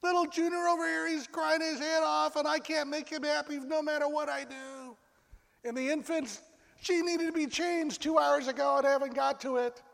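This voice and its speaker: A man voicing a frantic young pregnant mother calling on the phone, talking in a high, shrill, panicky way. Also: steady tone, moderate pace, vocal fry, a bit bright, big-room sound, heavily acted.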